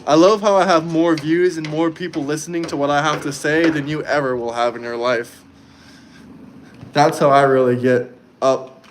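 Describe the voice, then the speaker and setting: A man's voice: on the high side, steady tone, normal speed, slight background noise. A man hosting a casual livestream from his own setup, talking straight to his chat in a combative, mocking way. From United States. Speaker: livestream host.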